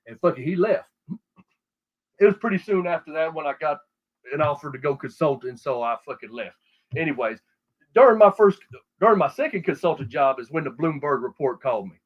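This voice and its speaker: In loose podcast chatter, this middle-aged man from South Texas spins a meandering, foul-mouthed tale that keeps starting over. His Texan-accented voice sits fairly high, moves fairly quickly, and is expressive. Sound quality is dull lo-fi.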